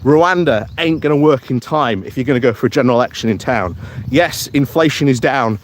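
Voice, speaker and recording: Man, political live stream host, walking outdoors, chatty, chuckling, medium pitch, faint background noise. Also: a little fast. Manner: chatty, breaks into chuckles, reads out viewer comments. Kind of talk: casual political commentary on a morning walk. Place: outdoors in the countryside on a walk.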